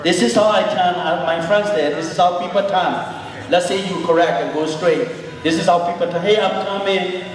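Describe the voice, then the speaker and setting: A man's voice: sits high, fairly even intonation, moderate pace. A man teaching a horseback riding clinic in an arena, repeating key points and acting out riders' calls, with non-native phrasing. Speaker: riding instructor. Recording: echoey arena, voice from far off.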